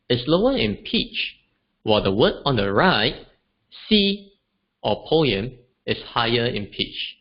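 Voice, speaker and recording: A man teaching an online beginners' language webinar, demonstrating tones aloud. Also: medium pitch. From Singapore. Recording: dull lo-fi webinar audio.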